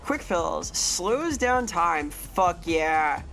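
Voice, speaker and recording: A woman's voice: lowish voice, big pitch swings, drawn-out words, a bit bright, soft background music. A woman streaming a game live, rambling playfully, swearing freely and greeting chat members.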